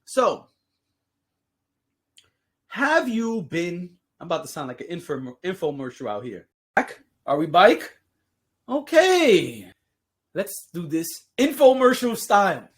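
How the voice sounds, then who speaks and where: This podcast host talks in a loose, casual monologue at a middle pitch. They joke and tease constantly, break into laughter and toss off sarcastic asides. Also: big pitch swings, takes it slowly, pauses often. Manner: playful, joking, sarcastic asides; laughs often while talking. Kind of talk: casual solo podcast talk.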